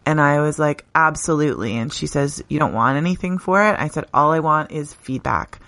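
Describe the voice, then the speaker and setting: A middle-aged woman speaks with a low voice, earnest and heartfelt, often breaking into a laugh. The sound is close and dry, with no room echo. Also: brisk, fairly bright tone. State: briefly tearful. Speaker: teacher, podcast guest. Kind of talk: conversational interview.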